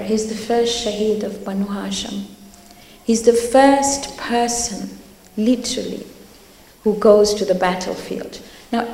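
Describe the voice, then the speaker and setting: A woman's voice: fairly high pitch, vocal fry, dark tone, slight background noise. A woman giving an earnest religious talk, urging her listeners and telling stories. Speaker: religious lecturer. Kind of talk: religious talk to a youth audience. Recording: echoey hall with long reverb.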